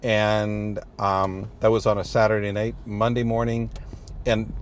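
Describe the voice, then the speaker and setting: A man's voice: on the low side, level tone, a little slow. A middle-aged man, a priest, telling stories in a rambling, good-humored way with many restarts, recorded in a moving car. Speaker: priest, interview guest. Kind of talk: casual storytelling chat. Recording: road noise in a moving car.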